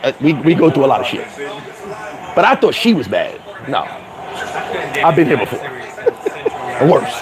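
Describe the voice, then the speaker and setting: A man hosting a casual livestream, laughing often, talking in slang and giving shout-outs to viewers. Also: fairly high pitch, big pitch swings, measured pace, pauses often, low-quality recording. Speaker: livestream host. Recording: crowd chatter behind.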